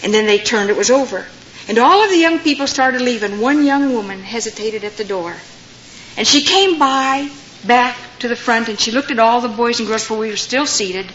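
Older woman telling her testimony, bright voice. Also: a little high, moderate pace. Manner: storytelling, acting out quoted voices. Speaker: speaker giving her testimony. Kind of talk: personal testimony to an audience. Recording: dull lo-fi recording with faint noise.

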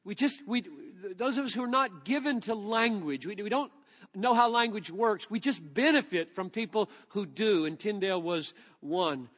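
Male pastor, sermon, high voice, unhurried and reverent; reverberant hall sound. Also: expressive, a bit bright. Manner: earnest, reverent, reads scripture slowly with emphasis.

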